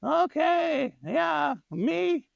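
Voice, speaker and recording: A man doing a whiny high-voiced rock frontman. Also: lively intonation, very slow, gravelly, no room sound, lo-fi sound, full character voice. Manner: high strained shouting, self-pitying. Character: aging male rock frontman, whiny, moaning to crowd.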